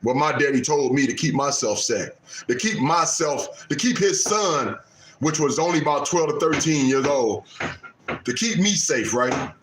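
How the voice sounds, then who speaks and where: A man nearing sixty talks on a live stream in a slightly high voice, repeating himself like a preacher. The room is echoey, with faint noise behind him. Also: animated, unhurried, a bit bright. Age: 50s. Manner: preachy, repeats lines for emphasis, Southern American Black vernacular. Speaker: livestream host. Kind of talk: casual live commentary.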